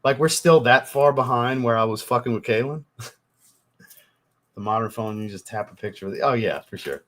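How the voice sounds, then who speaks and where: A man's voice: medium pitch, animated, normal speed, fairly bright tone. A man hosting a fragrance livestream, chatting casually with viewers and reading their comments, loose and profane, getting over a cold. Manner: loose and profane, swears often.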